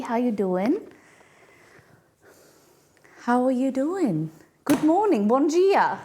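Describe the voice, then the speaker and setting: A woman's voice: on the high side, big pitch swings, slow pace, long pauses, a little mellow, slight background noise. A woman hosting a casual cooking live stream, chatting in a rambling way with many fillers and bouncy greetings. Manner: bouncy, sing-song greetings.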